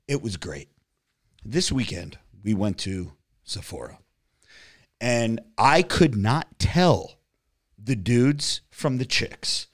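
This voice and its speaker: A man from New Jersey hosting a podcast, telling crude stories in loud, profane, swaggering banter. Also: mid-range voice, animated, measured pace. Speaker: podcast host.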